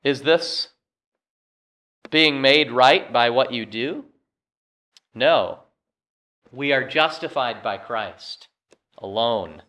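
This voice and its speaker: A man preaching a sermon as pastor, earnest and emphatic, swinging between loud stresses and hushed asides. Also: on the high side.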